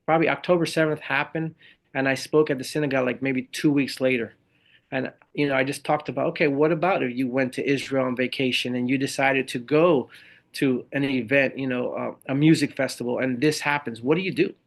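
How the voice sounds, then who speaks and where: Middle-aged man, gravelly voice, animated storyteller, podcast guest. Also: mid-range voice, fairly quick. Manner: animated storyteller who acts out the voices of others. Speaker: guest, motivational speaker and Marine veteran. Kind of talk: conversational interview storytelling.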